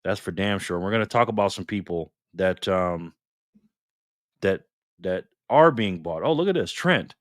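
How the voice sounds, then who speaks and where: A man's voice: low-pitched, lively intonation, normal speed, dry recording, studio quality. A man hosting a casual live stream, upbeat and chatty as he reads out viewer names and thanks them one by one.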